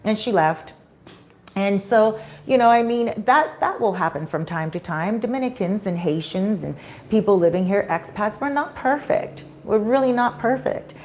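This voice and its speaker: Speaking at a moderate pace in a mid-range voice, this woman vlogger spins an animated tale on her live stream and voices the characters she quotes. There's slight background noise.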